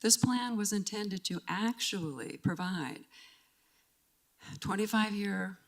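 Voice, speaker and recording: A woman's voice: mid-range voice, slow. An older woman giving public comment at a council meeting, earnest and emotional, fighting back tears and stumbling over restarts.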